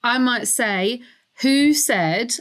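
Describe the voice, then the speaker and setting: A woman's voice: a little high, very slow, fairly bright tone. Woman producer hosting a quiz. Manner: clear, orderly quizmaster delivery. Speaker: podcast producer running a game.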